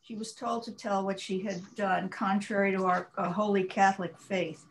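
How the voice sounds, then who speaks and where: A woman reading a text aloud for her class over a video call, in a plain, even way. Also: mid-range voice, moderate pace, slight background noise, poor audio.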